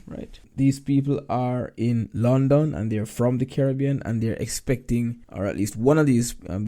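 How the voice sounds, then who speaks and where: Gravelly-voiced man explaining exam answers. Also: mid-range voice, dark tone. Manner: explanatory, reads passages aloud in character. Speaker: teacher.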